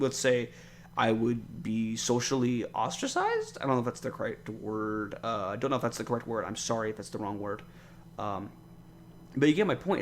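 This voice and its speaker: A man's voice: mid-range voice, slight background noise. Young male podcaster, casual and profane, rambles through an exasperated solo monologue. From United States. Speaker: podcast host.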